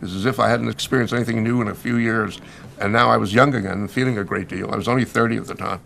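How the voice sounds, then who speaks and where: Gravelly older American man reflecting. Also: on the low side, steady tone, fairly bright tone, a little hiss or hum. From United States. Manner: gravelly, measured, stopping to restart. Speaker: novelist being interviewed. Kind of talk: reflective documentary interview.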